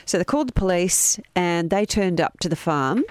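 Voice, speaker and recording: A woman hosting a podcast, telling a true crime story in a steady, matter-of-fact way with asides. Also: fairly low pitch, normal speed, clean tone. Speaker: podcast host.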